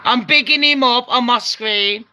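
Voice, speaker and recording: A woman commentating on a true-crime video, excitable, loud and swearing a lot. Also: fairly high pitch, measured pace, a little hiss or hum. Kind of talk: live commentary over video.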